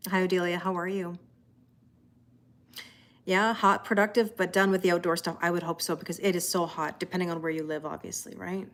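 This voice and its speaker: A woman's voice: fairly low pitch, level tone, fairly quick, fairly bright tone. A Canadian woman with a Canadian accent, hosting a tarot livestream in casual chat and greeting viewers by name as she reads their comments aloud.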